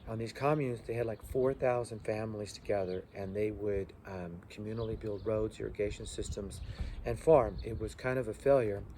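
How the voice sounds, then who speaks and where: Man with a dark voice reviewing notes. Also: lowish voice, slight background noise. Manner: loose, halting delivery with many fillers; spells out terms letter by letter. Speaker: teacher. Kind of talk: unit review lecture.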